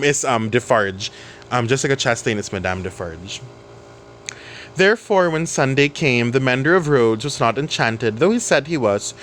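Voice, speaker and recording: A man's voice: mid-range voice, fairly bright tone, a little hiss or hum. A man reading a novel aloud and explaining it in chatty asides, with fillers and self-corrections.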